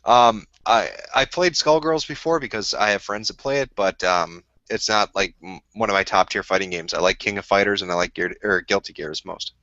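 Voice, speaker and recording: Brief: male co-host, blunt and profane, lowish sharp voice, dull lo-fi chat mic. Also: dry recording. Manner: blunt, profane, quick opinions. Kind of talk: casual stream chat.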